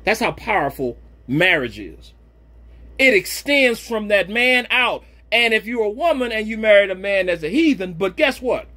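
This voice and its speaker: High-voiced preaching man, impassioned and folksy. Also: expressive, normal speed. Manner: impassioned, swinging between loud exhortation and low murmurs; folksy, with slang asides. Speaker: pastor and podcast host. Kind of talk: preachy podcast commentary.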